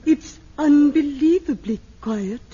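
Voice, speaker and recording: A woman's voice: high-pitched, lively intonation, slow, warm tone. An actress playing an earnest amateur performer who reads her romantic lines stiffly, like stage melodrama. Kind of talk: stiff melodramatic line reading. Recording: lo-fi noisy old TV recording.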